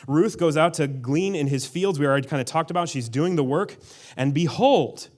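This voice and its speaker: A man's voice: a little high, moderate pace, a little mellow. Casual man preaching a sermon. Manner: casual and conversational, with frequent asides. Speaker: pastor.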